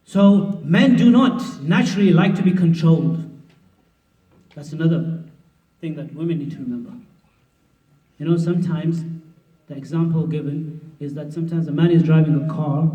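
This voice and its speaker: A man's voice: fairly high pitch, mellow. A man, a mufti, giving a conversational, humorous workshop lecture on marriage, acting out what spouses say. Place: mosque hall at a conference. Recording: roomy hall, distant mic, dull sound.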